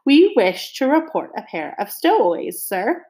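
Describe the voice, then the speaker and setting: A composed, perfectly mannered gentleman's butler, formal and courteous in every phrase, as a woman puts him on. His voice sits a bit higher than her own in this storybook reading. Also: big pitch swings, unhurried. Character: polite, unflappable male butler.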